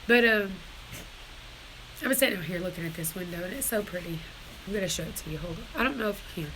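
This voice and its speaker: A woman's voice: mid-range voice, animated, quick pace, noisy background. A woman on a casual live stream from her barn, emotional and tearful, rambling as she talks to her viewers. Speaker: homestead vlogger.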